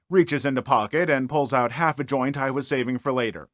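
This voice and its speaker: A man's voice: mid-range voice, moderate pace, hardly any pauses, fairly bright tone, no echo, studio quality. A man narrating stories aloud and giving chatty commentary full of fillers. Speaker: story narrator. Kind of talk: reading stories aloud and reacting to them.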